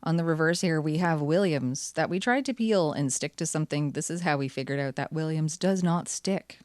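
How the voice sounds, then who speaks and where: A woman's voice: sits low, moderate pace, a little mellow, no echo, clean studio sound. A woman hosting her channel, chatting cheerfully through card packs with wry asides. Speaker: channel host. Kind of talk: casual card-opening commentary.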